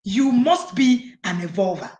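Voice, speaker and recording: A woman's voice: medium pitch, animated, unhurried, darkish tone, reverberant, highs cut off. A woman parent coach from Nigeria giving an emphatic conference talk, repeating her key phrases for effect. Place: conference hall.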